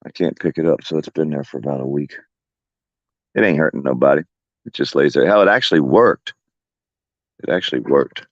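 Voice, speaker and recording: A man's voice: a bass voice, brisk, pauses often, no echo, muffled recording. A man, chatting casually from his porch and telling profane, folksy stories with plenty of laughter. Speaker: vlogger talking to his viewers and pets. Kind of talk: rambling casual porch chat. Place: outdoors on a home porch.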